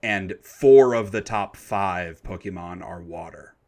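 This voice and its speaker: A man's voice: low-pitched, slow pace, a little mellow, slight background noise. A man co-hosting a casual gaming podcast, making dry, wry remarks. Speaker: podcast co-host.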